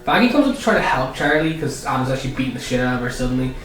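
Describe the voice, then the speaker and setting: Man, casual reviewer, swears a lot, excitable outbursts, very echoey room, distant mic. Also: medium pitch, very fast. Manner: profane, excitable, blurts out outbursts. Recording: echoey room, far from mic, music behind.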